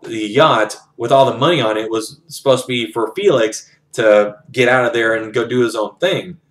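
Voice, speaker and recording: In a steady, medium-pitched voice at a moderate pace, a book reviewer retells a novel his own way. His narration of the scenes is rambling and profane, and it's packed with quotes.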